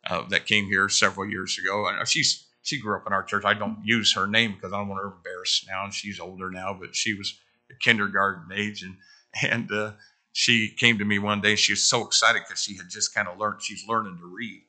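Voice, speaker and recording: A man's voice: fairly low pitch, flat delivery, a little fast, bright, forceful tone. A middle-aged man preaching in a church, telling stories conversationally with frequent asides to his congregation. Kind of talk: sermon.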